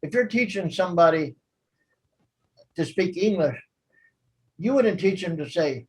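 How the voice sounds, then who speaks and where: Middle-aged American man, higher voice, chatty class host, jokey and rambling. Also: expressive, a little slow, long pauses, rough recording. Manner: chatty, jokey, laughs at his own asides. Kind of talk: casual teaching chat.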